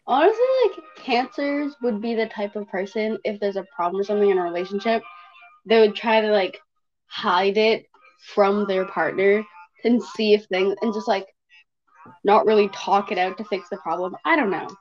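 A woman's voice: mid-range voice, moderate pace. Hesitant woman on lo-fi call audio. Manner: hesitant, lots of fillers. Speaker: podcast co-host. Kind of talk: casual chat. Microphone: remote call recording.

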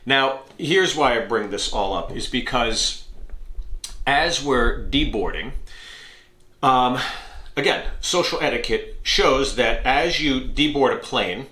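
A man tells a story with an animated delivery, acting out voices and laughing at himself. His voice is bright and forceful, and the room is echoey. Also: mid-range voice, a little slow, pauses often. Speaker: comedian podcast host. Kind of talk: storytelling monologue.

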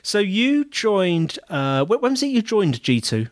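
Dry-humored man hosting, higher voice. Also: sing-song, measured pace. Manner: dry, joking, some stammering. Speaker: podcast host. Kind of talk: podcast interview hosting.

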